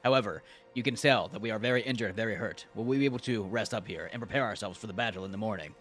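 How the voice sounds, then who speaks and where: A man's voice: fairly low pitch, racing, fairly bright tone, faint music behind, voice pushed down, natural voice. A man voicing a proud penguin warrior who talks formally and overdramatically.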